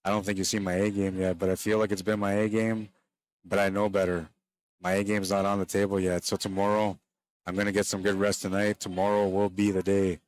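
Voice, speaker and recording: In a dry recording, a deep-voiced man delivers fairly quick, laid-back commentary on a pool match as it happens. He talks directly to stream viewers and comes across a bit drained late in the day.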